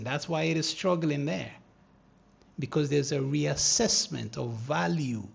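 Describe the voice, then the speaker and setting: A man hosting a live trading stream, commenting on charts in a teasing, animated way that breaks into excited shouting. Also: a little high, creaky, slightly rough. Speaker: trading livestream host.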